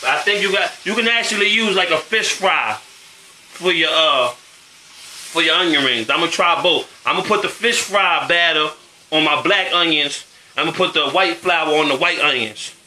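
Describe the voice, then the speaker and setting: A man's voice: fairly high pitch, normal speed, pushed and bright, echoey room, slight background noise, poor audio. A man hosting a casual cooking show, chatting in slang while he cooks and often asking if you know what he's saying. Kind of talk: casual cooking demo chat. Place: home kitchen with food frying.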